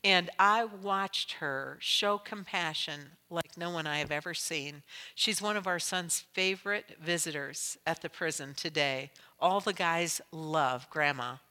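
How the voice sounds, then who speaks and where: A middle-aged woman preaching from a stage, her bright, forceful voice sitting a little low in pitch. She shifts from quiet storytelling to loud, impassioned exhortation. The sound rings with the long reverb of a large hall. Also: unhurried. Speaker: Christian speaker. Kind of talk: sermon with storytelling.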